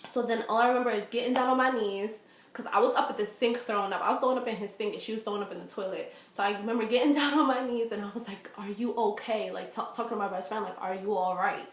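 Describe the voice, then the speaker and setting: A woman's voice: medium pitch, fast, slight background noise. Chatty woman in an echoey room. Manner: animated, lots of fillers, acts out quoted voices. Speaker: vlogger. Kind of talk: storytime vlog.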